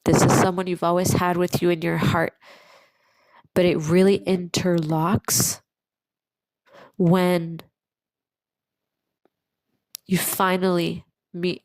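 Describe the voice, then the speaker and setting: A woman giving a channeled tarot reading to her viewers, speaking slowly and soothingly and repeating phrases for emphasis. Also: lowish voice, little pitch movement, darkish tone, no room sound, low-quality recording. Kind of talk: channeled pick-a-card reading to camera.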